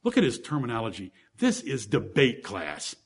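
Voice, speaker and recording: A man's voice: medium pitch, wildly swooping pitch, normal speed, slightly rough. A man preaching a sermon, teaching through Bible verses one by one in an emphatic way and asking the congregation rhetorical questions.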